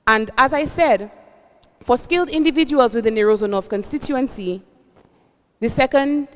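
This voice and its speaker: A woman's voice: medium pitch, long reverb tail. A woman, a candidate earnestly answering a question at a public forum, checking in with "right?". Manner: earnest, uses tag questions. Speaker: election candidate. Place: public meeting hall.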